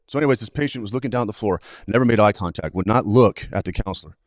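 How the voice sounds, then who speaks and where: Male suicide prevention trainer, low voice, lively storyteller who acts out the dialogue. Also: rapid-fire, few pauses, dry recording, studio quality. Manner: animated, acts out quoted dialogue. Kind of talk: live talk-show guest storytelling.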